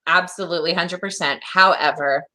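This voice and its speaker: A woman co-hosting a casual true-crime podcast, telling the story in an animated way. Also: a little fast. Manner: animated storytelling, acts out quotes in a high voice. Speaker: podcast co-host.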